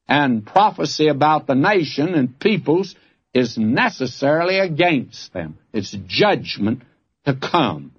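A man's voice: mid-range voice, husky. An older man giving a folksy, earnest Bible teaching, speaking to listeners as his friends. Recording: dull lo-fi archival recording.

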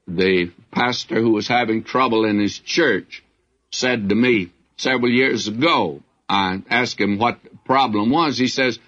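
A man's voice: mid-range voice, a bit bright, muffled recording. A man preaching a verse-by-verse sermon as a Bible teacher, in a folksy way with frequent asides.

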